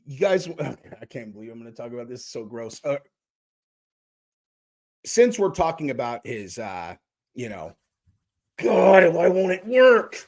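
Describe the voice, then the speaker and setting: A man's voice: medium pitch, very animated, normal speed, long pauses, darkish tone. Rambling, profane male stream host. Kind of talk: casual livestream commentary.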